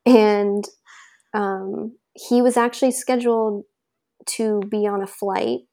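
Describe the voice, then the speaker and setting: Gravelly-voiced woman telling a story. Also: medium pitch, fairly even intonation, slow, warm tone. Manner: chatty, loose, many filler words. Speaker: guest telling her birth story. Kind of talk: casual conversational storytelling.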